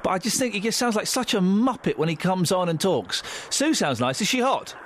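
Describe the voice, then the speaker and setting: A man hosting a radio phone-in, teasing callers, cutting in and firing quick questions. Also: sits high, very animated, slight background noise.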